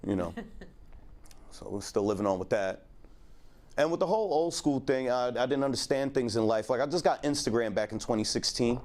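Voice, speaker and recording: A man's voice: mid-range voice, fairly quick, darkish tone. A man in his thirties doing a stand-up set in a laid-back, rambling, crude way, full of fillers. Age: 30s. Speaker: stand-up comedian.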